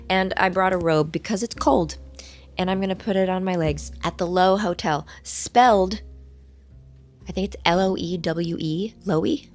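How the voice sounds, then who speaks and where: A woman hosting a casual vlog from a hotel room, her voice hoarse while it recovers, chatting in a playful, rambling, self-mocking way. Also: fairly low pitch. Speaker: vlog host. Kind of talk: casual chat to camera.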